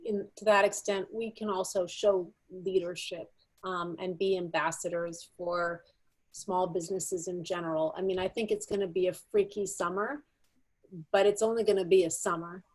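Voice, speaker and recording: A woman board member adds a brisk, informal point during a video-call meeting. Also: lowish voice, steady tone, darkish tone, poor audio.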